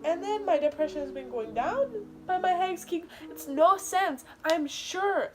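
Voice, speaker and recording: A woman's voice: very high voice, expressive, unhurried, music in the background. A young woman venting to camera while in pain and close to tears, stressing her words by repeating them. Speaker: vlogger.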